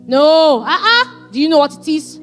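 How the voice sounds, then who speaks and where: A woman pastor preaching a sermon, animated and emphatic as she tells stories. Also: very high voice, fairly quick, faint music behind.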